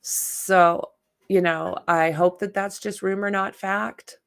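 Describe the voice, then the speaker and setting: A woman with a medium-pitched, fairly even voice and vocal fry speaks slowly while hosting a casual true-crime livestream. She chats, greets viewers and reads their comments aloud. With spam commenters she's outspoken, blunt and plainly exasperated.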